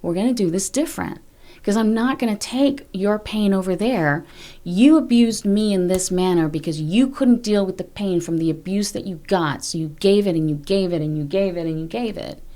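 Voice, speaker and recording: A woman's voice: medium pitch, moderate pace, warm tone. A middle-aged woman speaking candidly as a podcast guest, blunt and emphatic, swearing freely as she talks. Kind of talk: candid conversational interview.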